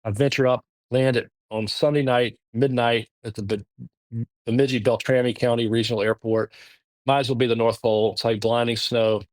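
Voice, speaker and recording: Southern-accented man, middle-aged, guest storyteller, lively restarts, dry studio mic. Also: medium pitch, no echo. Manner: animated, halting, lots of restarts. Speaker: podcast guest. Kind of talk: casual storytelling.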